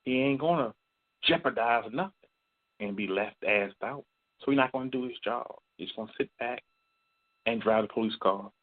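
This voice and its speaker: Lowish-voiced guy calling in, blunt and cussing, tinny phone sound. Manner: blunt, profane storytelling, acts out quoted voices. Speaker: caller. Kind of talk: call-in confession.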